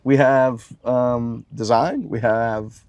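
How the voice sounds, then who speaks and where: A man hosting a golf podcast in casual chat, halting and chatty. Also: medium pitch, darkish tone, clean tone, no room sound, highs cut off. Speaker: podcast host.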